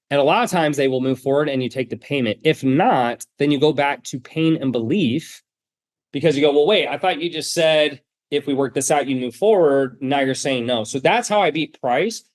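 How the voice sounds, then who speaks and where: A man coaching on sales in a blunt, emphatic way, acting out bits of customer dialogue as he teaches. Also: mid-range voice. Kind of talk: sales training talk.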